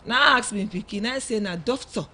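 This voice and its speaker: A mother of a young girl, speaking with a Sierra Leonean Krio accent, tells her story as a guest in a radio studio. Her medium-pitched voice moves quickly through an emotional first-person account, animatedly acting out what others said.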